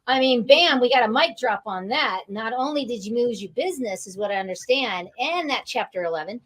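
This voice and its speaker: A woman with a somewhat high voice hosts a live interview. She is enthusiastic and affirming, and she greets her audience warmly by name. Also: animated, brisk. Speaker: interview series host.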